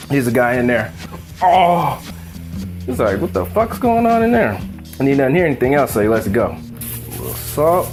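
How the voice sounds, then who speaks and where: A man hosting a casual home cooking demo, swearing freely and rambling into a joke while he cooks at the stove. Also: medium pitch. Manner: profane, laid-back, rambling storyteller. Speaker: cooking show host.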